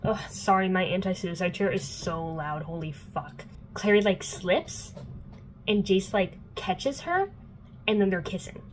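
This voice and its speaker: A young woman recapping a novel for her viewers in a loose, chatty flow, dropping "like" into nearly every phrase and swearing freely. Her pitch sits at an ordinary middle height, with a faint hum of noise behind her. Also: a little slow, rough recording. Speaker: book vlogger. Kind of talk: casual book recap.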